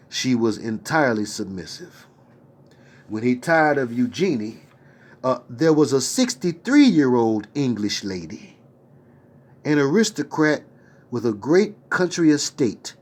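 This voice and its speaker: A man reads a memoir aloud at an even pace. His voice sits in a middle pitch. He sometimes stops to add his own slangy remarks. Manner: steady read-aloud voice, breaking off into excited slangy asides. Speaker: reader.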